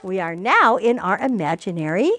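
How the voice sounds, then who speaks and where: A woman's voice: medium pitch, sing-song, normal speed, fairly bright tone, no echo. An older woman, a grandmother, leading a children's yoga lesson with a cheerful, playful coaching voice. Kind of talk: guided kids' yoga lesson.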